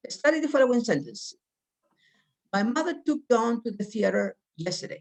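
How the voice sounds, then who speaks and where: Lively-voiced woman teaching English grammar. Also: mid-range voice, normal speed, pauses often. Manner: reads example sentences aloud and calls on students by name. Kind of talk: online English grammar class.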